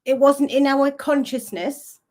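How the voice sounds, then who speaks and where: A woman's voice: high voice, fairly even intonation, unhurried, darkish tone. A woman with a northeast English accent co-hosting a casual live chat in a reflective, coaching way. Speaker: co-host.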